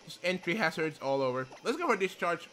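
A young man giving casual commentary while playing a video game, excitable and swearing, with many apologies. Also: sits high, fairly quick. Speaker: let's play gamer. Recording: game music behind the voice. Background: faint game music.

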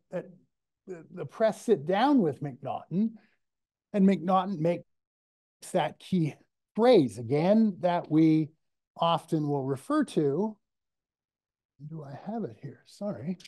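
Male history lecturer with a slightly high, mellow voice, chatty and wry, prone to restarts. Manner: chatty, discursive, frequent restarts and asides; enthusiastic and wry. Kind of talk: public lecture.

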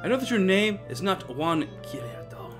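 A man's voice: high voice, very animated, normal speed, over music, voice pushed up. A man voicing a male bird defense attorney who talks in formal, pompous, blustering legalese. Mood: stern.

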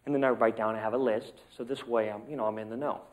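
A man's voice: mid-range voice, fairly even intonation, fast. Guy in acting class rambling through a story, casual, lots of ums. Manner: rambling, chatty, with fillers. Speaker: acting student. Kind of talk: telling a personal story in class.

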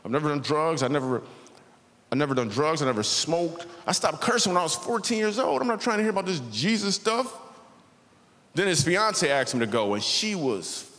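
A fairly high-pitched man in his thirties tells a story with acted-out voices during a church stand-up set. His intonation is lively, his pace a little fast, his tone fairly bright. The large auditorium sounds reverberant, with faint ambience.

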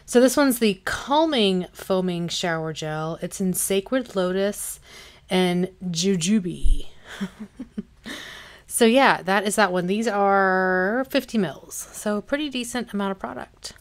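A beauty vlogger with a mid-range voice takes her time while vlogging casually at home. She chats through a product unboxing and coos at her cats in baby talk.

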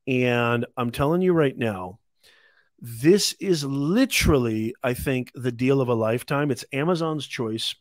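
A man's voice: mid-range voice, a little slow, no echo, studio quality. A man hosting a live shopping stream, hyped and salesy, repeating calls to buy. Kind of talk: live deal-hunting stream.

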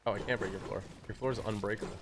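A man's voice: fairly low pitch, steady tone, rapid-fire. Chatty guy gaming on stream, joking around, game noise behind him. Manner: playful, chatty, reads out chat. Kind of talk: casual gaming chat.

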